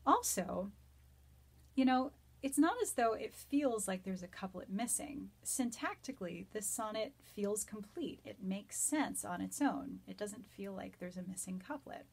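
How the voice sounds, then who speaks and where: A woman teaching a Shakespeare sonnet from home, reading verse lines slowly and then explaining them in an enthusiastic, nerdy, chatty way. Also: medium pitch, animated, vocal fry, husky. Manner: enthusiastic, self-described nerdy. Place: home during quarantine.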